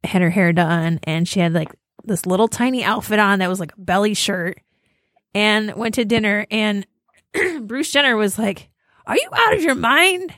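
A woman's voice: medium pitch, moderate pace, a bit bright, dry recording, clean studio sound. A woman co-hosting a podcast in casual chat, telling gossip stories with lots of giggles and acted-out quotes. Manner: giggly storyteller, acts out quotes. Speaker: podcast co-host.

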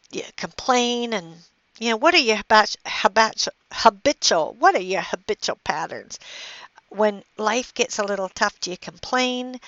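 An older woman giving a chatty motivational talk, halting and restarting often and laughing as she goes. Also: fairly high pitch, a bit bright, no echo, highs cut off.

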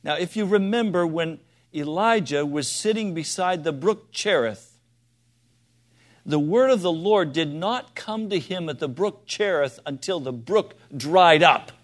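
A man preaching a sermon, asking his listeners direct questions and moving between soft, quiet asides and loud, emphatic appeals. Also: fairly high pitch, expressive, a little slow.

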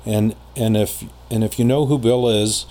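Rambling low-voiced man telling a story. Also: fairly even intonation, dark tone. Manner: rambling, many filler pauses. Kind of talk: casual storytelling conversation.

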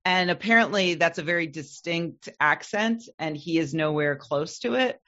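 A low-voiced woman co-hosting a podcast in relaxed, casual chat, quick to laugh. The recording sounds a little dull. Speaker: podcast co-host.

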